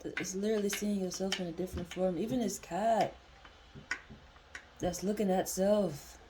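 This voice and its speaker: A woman's voice: mid-range voice, fairly even intonation, moderate pace, noisy background. A young woman reading tarot cards in a casual vlog, talking bluntly and swearing freely as she thinks aloud. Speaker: tarot reader.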